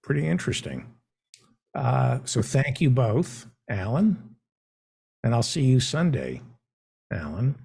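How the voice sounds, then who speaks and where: Brief: male talk host, husky, deadpan joker, lively swinging pitch. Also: slow, long pauses. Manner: deadpan mock-naive joking. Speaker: show host. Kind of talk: comedic talk show banter.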